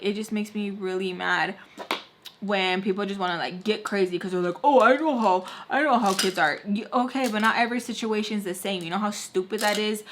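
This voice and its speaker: A woman's voice: medium pitch, a bit bright, a little hiss or hum. A young woman telling a personal story in casual vlog chat, heated and ranting, swearing freely and leaning on "like". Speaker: beauty vlogger telling a story.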